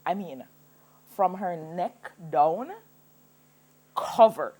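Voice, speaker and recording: A woman in her thirties, a singer telling her own story as a TV guest, animated and laughing as she goes. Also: lowish voice, normal speed. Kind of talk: personal storytelling in a TV interview.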